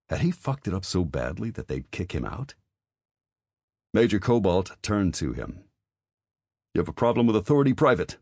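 A man narrating an audiobook in an even, measured reading. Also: rumbling low, no echo, studio quality. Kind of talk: scripted narration.

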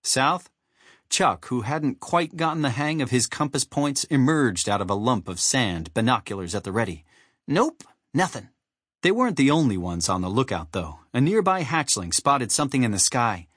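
Man, audiobook narrator, lively pitch, husky, dry close sound. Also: fairly quick, few pauses, dry recording. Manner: animated, storytelling. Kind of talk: scripted narration.

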